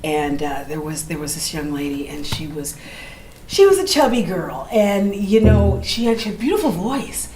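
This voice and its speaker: Between songs at a live show in a gallery event space, a middle-aged jazz singer and teacher from Oakland, California tells lively stories, acting out the voices of the people in them and laughing easily. Her voice sits on the low side at a normal speed, and the recording has a roomy live sound with ambient noise.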